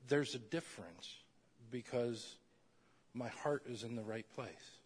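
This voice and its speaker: A man preaching a sermon, asking his listeners questions and acting out quoted prayers, loud at times. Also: medium pitch, slow pace, breathy edge.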